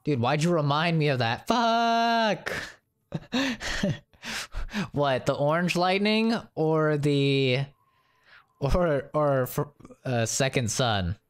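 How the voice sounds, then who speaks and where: A male game streamer talking loosely to his chat. His pitch swings widely as he rants, swears freely and laughs at his own stories. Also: takes it slowly, pauses often. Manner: animated, profane, laughing rants. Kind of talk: casual live-stream chat.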